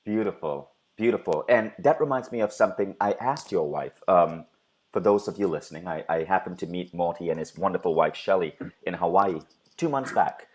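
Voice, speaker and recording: Earnest lower-voiced male host. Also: expressive, fairly quick, poor audio. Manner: earnest, retells scenes with quoted dialogue. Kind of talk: conversational interview storytelling.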